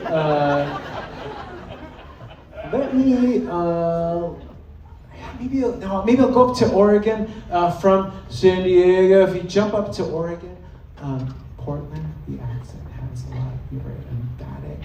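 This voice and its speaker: A man's voice: high voice, measured pace, a little mellow, recorded from a distance, some chatter behind, a little hiss or hum. A man performing a live stand-up set on a club stage, playful and loose, slipping into mock regional accents. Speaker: stand-up comedian. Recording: roomy live club sound with music.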